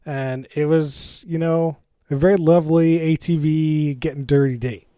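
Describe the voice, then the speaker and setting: A man's voice: fairly high pitch, steady tone, normal speed, mellow, clean tone, dry recording. A man hosting a casual podcast chat, recapping an episode with lots of fillers and laughs. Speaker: podcast host.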